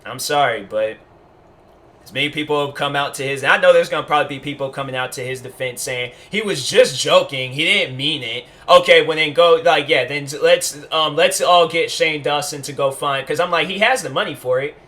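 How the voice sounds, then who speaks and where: A man's voice: a little high, fairly quick, fairly bright tone. A young man hosting a solo podcast, rambling with heat and lots of repeated fillers as he comments. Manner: rambling, heated, repeats "bruh" and "I'm like". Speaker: podcast host.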